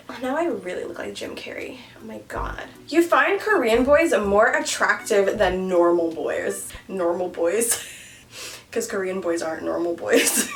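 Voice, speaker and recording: Recorded from afar, this mid-range female voice belongs to a Canadian beauty vlogger in her thirties. She keeps things casual and joking during a makeup tutorial, with a playful, animated manner.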